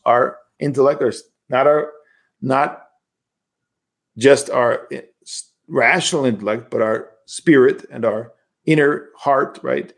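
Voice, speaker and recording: Emphatic priest giving a casual lecture. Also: male voice, on the high side, lively intonation, unhurried. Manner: conversational and emphatic, with rhetorical questions. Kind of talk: livestreamed spiritual lecture.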